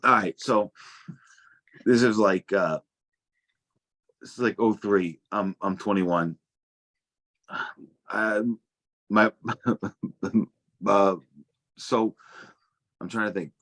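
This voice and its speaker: A man's voice: lowish voice, a bit bright. A young adult man telling casual stories as a guest, swearing freely and stumbling through restarts. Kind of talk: casual storytelling.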